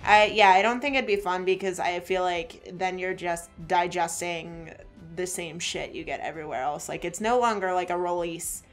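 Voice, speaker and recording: A woman's voice: fairly low pitch, normal speed, hardly any pauses, soft background music. Rambling, laughing woman gamer. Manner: rambling, laughs often, swears casually. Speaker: let's play co-host. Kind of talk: casual gaming chat.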